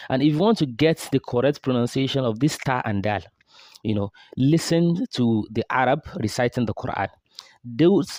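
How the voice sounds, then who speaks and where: A man from Nigeria, teaching recitation and drilling sounds slowly over and over. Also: medium pitch, a little mellow, no echo, studio quality. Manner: slow drawn-out model syllables, repeated drills. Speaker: tajweed teacher. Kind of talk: recitation lesson.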